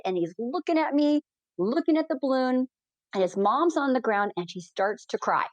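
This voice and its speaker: A woman balloon pilot telling heartfelt stories as a guest in an interview, animated and quick in bursts. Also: sits high, no echo. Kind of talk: emotional storytelling in a podcast interview.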